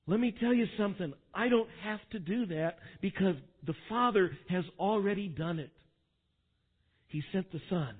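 A male pastor preaching a sermon, swinging from quiet asides to loud, dramatic quotations. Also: sits high, moderate pace, slightly rough. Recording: tinny phone-like sound.

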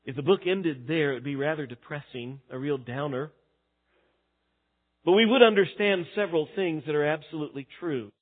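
A man preaching a sermon as a pastor, swinging between loud emphatic lines and hushed ones. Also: a little high, moderate pace. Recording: tinny phone-like sound.

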